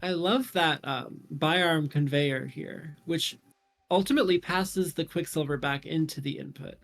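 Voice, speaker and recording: A man's voice: fairly high pitch, measured pace, creaky, a bit bright, soft background music. A man commentating casually on a tournament stream, thinking aloud through numbers and puzzle solutions.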